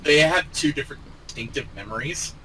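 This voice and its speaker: An animated man with a bright, forceful voice, recapping a video game with his co-host. His pitch swings widely as he acts out lines, and a faint hum sits behind him. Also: brisk, rough recording. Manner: lively, acts out quotes, laughs a lot. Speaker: podcast co-host. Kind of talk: casual gaming chat.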